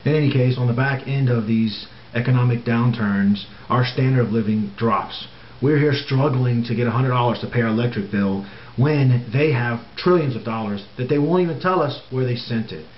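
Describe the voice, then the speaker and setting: A man's voice: medium pitch, normal speed. A man talking straight to camera in an emphatic monologue, insisting on his points and repeating words for stress. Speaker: political commentator. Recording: roomy, dull, faint hiss.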